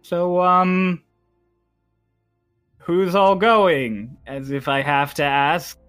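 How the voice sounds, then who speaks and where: A man doing a slow, dryly knowing shipmate. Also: on the high side, steady tone, fairly bright tone, clear, resonant tone, soft background music, pitched above the performer's own voice.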